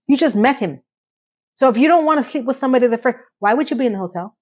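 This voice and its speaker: A woman's voice: mid-range voice, expressive, fast, a little mellow, lo-fi sound. A woman giving a casual, sassy TV recap, talking straight to the viewer in a chatty way. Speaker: recap vlogger.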